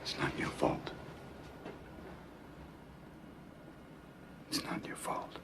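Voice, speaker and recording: An actor playing a troubled young man who whispers and then shouts in a film scene, heard as a noisy clip. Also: rumbling low, expressive, normal speed, gravelly, exaggerated voice. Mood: raw, breaking. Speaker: film character in an emotional scene.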